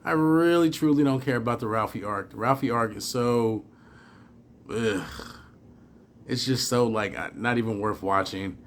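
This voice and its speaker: A man casually recapping a TV episode, animated, with many fillers and restarts. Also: mid-range voice, normal speed, slight background noise. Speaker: TV episode reviewer.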